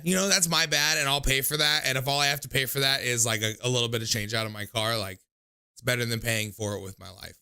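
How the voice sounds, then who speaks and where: A man's voice: medium pitch, creaky, pushed and bright, clear, resonant tone. A young man hosting a call-in livestream, rambling and poking fun at himself in casual chat. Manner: rambling, self-mocking storyteller. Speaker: call-in show host.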